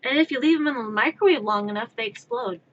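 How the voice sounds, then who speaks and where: A woman's voice: on the high side, fast, muffled recording, a little hiss or hum. A woman streaming her crafting, chatting in a rambling, playful way from her own room, sometimes scolding her cat. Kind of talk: casual live-stream chatter.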